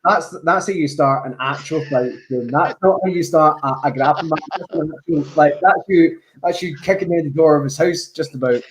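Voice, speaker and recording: A man's voice: fairly high pitch, fairly quick, hardly any pauses, noisy background. A man talking as a podcast guest in a reflective, casual way, with wry asides. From Scotland. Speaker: podcast guest, jiu-jitsu black belt.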